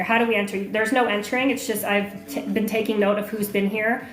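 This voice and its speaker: A woman's voice: fairly high pitch, fairly even intonation, a little fast, a bit bright. Chatty woman livestreaming in an echoey room. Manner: chatty, many fillers, reads viewer comments aloud. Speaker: online marketing coach hosting a livestream. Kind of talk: casual livestream chat and Q&A. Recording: echoey room with faint music.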